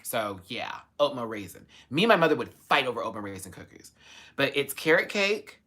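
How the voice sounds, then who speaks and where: Bright-voiced man gushing on a live stream. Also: fairly quick. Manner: animated, gushing, sudden high squeals. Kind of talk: casual live stream chat. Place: home, in Los Angeles.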